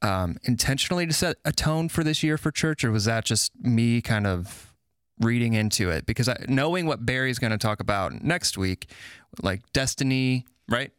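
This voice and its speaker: A man's voice: mid-range voice, expressive, normal speed, fairly bright tone, clear, resonant tone, no echo, studio quality. A man hosting a podcast, asking questions and teasing in an upbeat casual chat. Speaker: podcast host.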